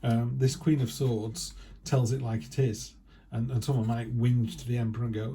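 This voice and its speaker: A man's voice: mid-range voice, level tone, moderate pace, dark tone, a little hiss or hum. A man giving a casual, chatty tarot reading who acts out quoted remarks in other voices. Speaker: tarot reader.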